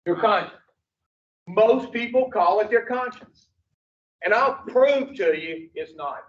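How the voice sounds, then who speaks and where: He speaks slowly but animatedly, his high-pitched voice fairly bright, as he lectures an addiction recovery group with blunt profanity and a stream of rhetorical questions. It's a distant, echoey, dull room recording.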